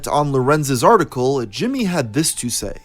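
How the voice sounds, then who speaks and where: A man reading scripted documentary narration in a measured storytelling manner. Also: mid-range voice, very animated.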